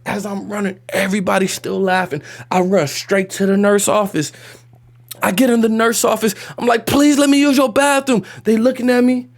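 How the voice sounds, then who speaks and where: Male vlogger, high voice, emotional storytime monologue, slangy, raw, near tears. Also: normal speed, vocal fry. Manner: animated, repetitive retelling, slangy and profane. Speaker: vlogger telling a personal story.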